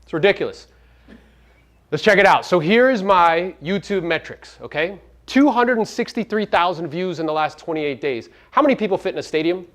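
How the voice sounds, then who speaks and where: A man's voice: high-pitched, lively intonation, moderate pace, a bit bright. A middle-aged man giving a brash, profane seminar talk, firing rhetorical questions at his audience. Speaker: real estate business owner giving a media talk.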